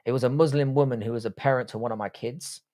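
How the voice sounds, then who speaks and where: A man's voice: medium pitch, fast talker, mellow. Man, casual livestream chat, blunt, heavy swearing, answers viewer questions. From Irish, raised in southwest London. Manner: blunt and profane, reads chat questions aloud then answers.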